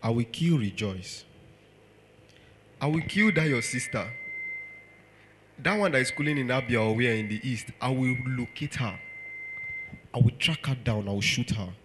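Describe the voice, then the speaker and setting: A man's voice: expressive, moderate pace, pauses often, noisy background, natural voice. A man doing a lovesick Nigerian suitor. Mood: menacing. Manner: pleading then threatening, quiet and low. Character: lovesick young man turning menacing.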